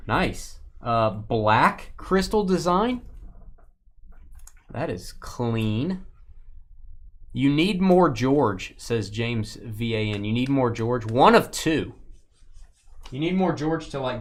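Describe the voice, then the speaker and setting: A man hosting a live card-breaking stream, chatting casually and joking with viewers as he opens packs. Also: mid-range voice.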